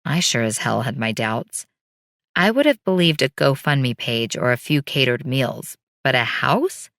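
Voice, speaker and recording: A woman reads a first-person audiobook story with a wry, bitter edge. Her voice sits low, and the recording is dry and close with no room sound. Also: animated, measured pace, fairly bright tone, no room sound.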